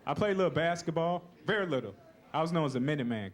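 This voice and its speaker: A man's voice: a little high, expressive, rapid-fire. A young man doing a laid-back stand-up comedy routine on stage. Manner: laid-back, keeps saying "you know, man". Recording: noisy live recording.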